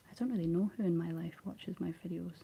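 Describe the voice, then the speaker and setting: A young Scottish woman whispering soft ASMR chat, rambling gently to her viewers while she paints, close on the mic. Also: on the low side, quick pace, gravelly, slightly rough. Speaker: ASMR livestream host.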